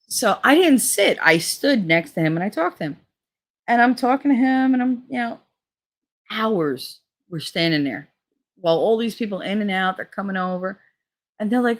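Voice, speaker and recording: A woman's voice: animated, moderate pace. Gossipy foul-mouthed woman. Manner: gossipy, profane, mimics others with big pitch jumps. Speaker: vlogger. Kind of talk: casual storytelling.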